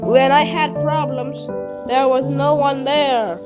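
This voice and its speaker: A woman doing a lonely male villain, high voice, slow and brooding. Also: fairly even intonation, music in the background. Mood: sad.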